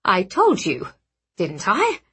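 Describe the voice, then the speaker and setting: A woman's voice: mid-range voice, wildly swooping pitch, slow pace, slightly rough, heavily acted. Woman voicing an ardent, careless young suitor. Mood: flustered.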